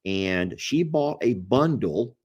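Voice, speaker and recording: A man's voice: fairly low pitch, lively intonation, takes it slowly, darkish tone, husky. A man hosting a casual livestream, folksy and playful, rambling with restarts. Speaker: animal sanctuary owner, livestream host.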